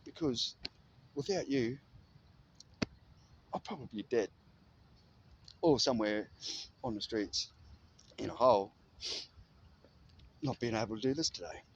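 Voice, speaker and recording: A man in casual motivational storytelling, animated and freely swearing. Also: mid-range voice, measured pace, pauses often, lo-fi sound, slight background noise.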